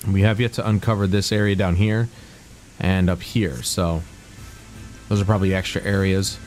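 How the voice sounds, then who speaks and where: A man's voice: sits low, steady tone, moderate pace, darkish tone, soft background music. A man streaming a video game, chatting casually and thinking aloud about the story and quests. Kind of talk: casual gameplay commentary.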